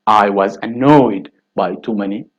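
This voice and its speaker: A man teaching an English grammar lesson, slowly repeating example sentences and stressing key words. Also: lowish voice. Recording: dull lo-fi recording.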